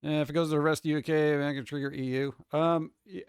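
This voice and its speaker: A man's voice: on the high side, steady tone, quick pace, smooth, no room sound, studio quality. A man streaming live, rambling casually and greeting chat viewers one by one.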